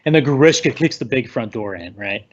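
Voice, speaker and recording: A man hosting a casual movie discussion, retelling scenes in an animated way with lots of "like". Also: medium pitch, normal speed, dull audio. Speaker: podcast host.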